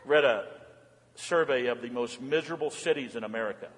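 A male pastor preaching a sermon. He swings between loud, emphatic bursts and hushed, soft passages. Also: mid-range voice, brisk, long reverb tail.

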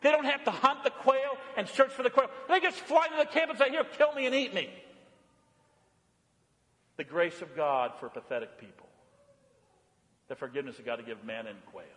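A male pastor preaching a sermon, animated, rising high and loud on exclamations and dropping low and quiet on reflective lines. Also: a little fast, big-room sound.

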